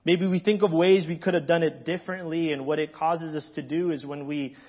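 Man, pastor, sermon, conversational, slightly high voice, muffled audio. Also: steady tone, a little fast. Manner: conversational, asks the congregation "right?" often. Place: church sanctuary.

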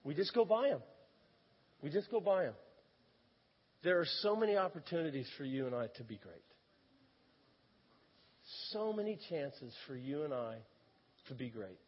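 A man preaching a sermon as an animated storyteller who often breaks into laughter. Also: on the high side, normal speed, long pauses, husky. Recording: echoey hall, dull lo-fi sound.

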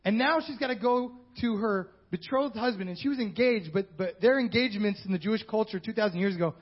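A man's voice: sits high, brisk, breathy edge. A male pastor preaching a sermon in a conversational style with joking asides. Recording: dull lo-fi sound.

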